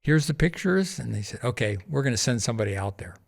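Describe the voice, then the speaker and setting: Podcast guest, male, mid-range pitch, animated storyteller who does the voices of others and laughs often. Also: fast talker, creaky. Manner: animated anecdote-telling, acting out quoted voices, laughs often. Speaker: podcast guest, charity founder. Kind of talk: casual storytelling interview.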